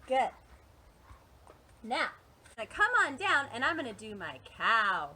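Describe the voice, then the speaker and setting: Woman leading family yoga: high, bright, sing-song voice, slow and playful, singing and making animal sounds. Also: sing-song, a little hiss or hum. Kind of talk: playful kids' yoga instruction with songs and a story.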